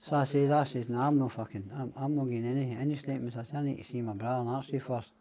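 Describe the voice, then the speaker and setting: A man's voice: medium pitch, steady tone, rapid-fire, mellow, slight background noise. A middle-aged Scottish man, a podcast guest, telling rambling, profane stories and acting out the other people's lines. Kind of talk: casual storytelling.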